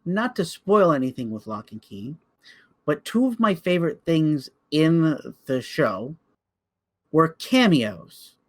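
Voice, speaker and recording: A man co-hosting a podcast, telling stories in a casual chat and stumbling over repeated words when excited. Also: fairly high pitch, slow pace. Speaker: podcast co-host.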